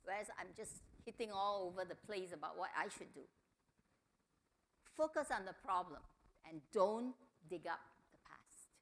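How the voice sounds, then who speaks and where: A middle-aged woman giving a family seminar talk, telling stories and acting out quotes in a higher voice. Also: a little slow. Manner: animated storytelling, acts out quotes in a higher voice. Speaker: seminar speaker.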